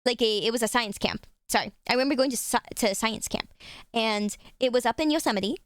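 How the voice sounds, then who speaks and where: A woman's voice: a little high, a bit bright, dry recording, studio quality. Chatty, foul-mouthed young woman streamer. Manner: chatty, swears freely, quick asides. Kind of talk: casual chat with chat.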